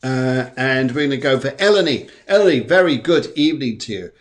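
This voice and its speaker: A man's voice: medium pitch, expressive, fairly quick. A man, a psychic medium, hosting a live-stream show in a chatty, jokey, rambling way. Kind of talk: live-stream reading chat.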